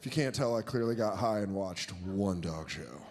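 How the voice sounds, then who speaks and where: A young man doing a profane, animated stand-up routine on stage, jumping into exaggerated quoted voices. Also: fairly low pitch, moderate pace, a crowd in the background. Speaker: stand-up comedian. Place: stage before a live audience. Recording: live show with audience noise.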